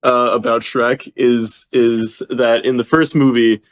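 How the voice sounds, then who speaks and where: A man's voice: mid-range voice, level tone, slow. A man co-hosting a podcast, rambling through a story in casual chat and laughing often. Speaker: podcast co-host.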